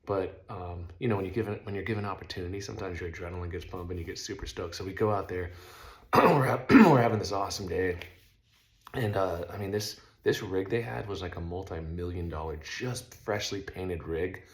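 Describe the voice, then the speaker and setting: Male vlogger, middle-aged, low voice, relaxed slangy storyteller who does noisy sound effects. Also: fairly quick. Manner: animated, makes loud sound effects while telling; laid-back, uses slang like stoked and dope. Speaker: vlog host telling a story. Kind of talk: casual storytelling monologue.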